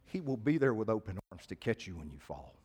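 A man's voice: fairly low pitch, sing-song, fairly quick, darkish tone, slightly rough. Middle-aged man, folksy pastor addressing his flock in a sermon. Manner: folksy, talks to congregation directly. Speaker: preacher.

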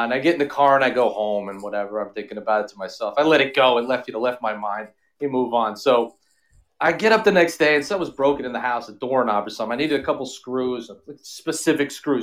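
A man's voice: medium pitch, fairly bright tone. A man in his forties, a podcast guest, telling a profane story in casual chat and acting out the other people's voices. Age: 40s.

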